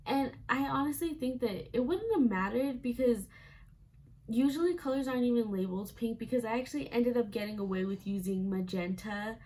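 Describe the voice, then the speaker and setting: A woman's voice: on the high side, fairly quick, a little mellow. A young woman vlogger telling a casual storytime, chatty and full of "like" fillers, acting out quoted lines.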